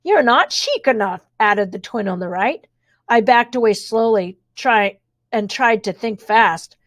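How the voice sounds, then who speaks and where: A woman's voice: mid-range voice, fairly even intonation, a little slow, no echo. A woman reading a children's adventure book aloud with expression, dropping in wry asides of her own. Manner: reads expressively, adds wry spoken asides. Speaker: storybook reader.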